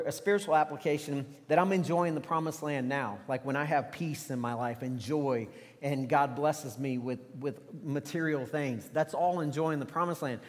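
Animated American pastor preaching in a reverberant church. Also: male voice, fairly high pitch. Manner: animated preaching with rhetorical questions. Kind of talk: sermon. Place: large church sanctuary. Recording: long church hall reverb.

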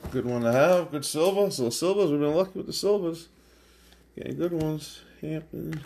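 A man's voice: fairly high pitch, normal speed, creaky, darkish tone. A man hosting a card break, calling out card names one at a time as he opens packs. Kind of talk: live card-break commentary. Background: crinkling and tearing of packs.

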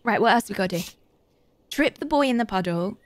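A British woman streamer chatting casually as she plays, reading out chat and getting excitable. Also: mid-range voice, a little fast, no echo. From Britain. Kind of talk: casual gaming commentary.

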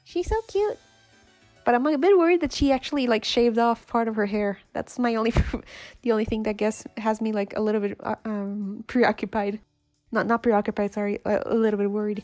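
A woman's voice: on the high side, steady tone, a little fast, a little mellow, dry recording, faint music behind. A woman giving casual, giggly, chatty commentary while playing a video game. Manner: giggly, chatty, self-deprecating. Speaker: let's-play host.

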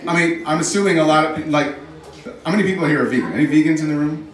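A man's voice: fairly high pitch, racing. A man doing a stand-up set in a comedy club, rambling, self-mocking and bantering with the audience. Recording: roomy club, mic from far off.

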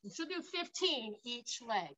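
A woman's voice: fairly high pitch, lively intonation, a little slow, pushed and bright, low-quality recording. A woman park guide leading an outdoor workout, upbeat, counting reps aloud and cheering, a little out of breath. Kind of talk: instructional exercise demonstration.

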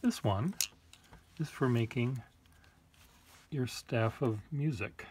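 Slow-talking man, rambling and jokey. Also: mid-range voice, darkish tone, husky. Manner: rambling, joking asides. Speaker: pen collector showing his collection. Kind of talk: casual show-and-tell.

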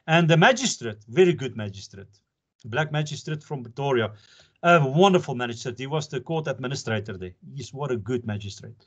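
A man's voice: mid-range voice, animated, fairly quick, breathy edge. An older man from South Africa, an advocate giving an informal lecture to pupils, earnest and jokey, laughing often. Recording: dull lo-fi lecture recording.

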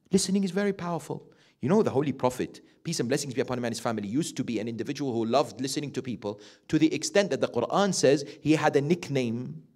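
A male preacher giving a lecture, his voice sitting a little high and swinging widely up and down. He questions his listeners and voices the parents he describes. Quick Arabic recitations come between his English points. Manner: animated, asks the audience questions and acts out quoted parents. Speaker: sheikh giving a Muharram lecture. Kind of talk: sermon.

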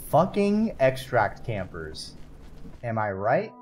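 A man's voice: mid-range voice, measured pace. A man streaming a video game, talking to himself and his viewers, swearing and yelping at what happens on screen. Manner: excitable, swears and yelps at the game. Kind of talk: casual gameplay commentary.

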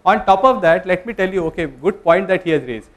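A man's voice: high-pitched, animated, a little fast. A man giving a classroom lecture, talking in a conversational way, polling the students and correcting himself mid-sentence. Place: lecture room.

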